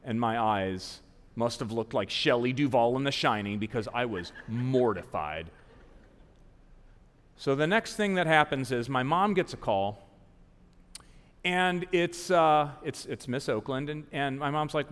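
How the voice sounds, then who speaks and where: A man in his forties from the American South telling a live story on stage in an animated, self-mocking way, acting out the people he quotes. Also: mid-range voice, unhurried. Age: 40s. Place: large theater stage before an audience. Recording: long theater hall reverb.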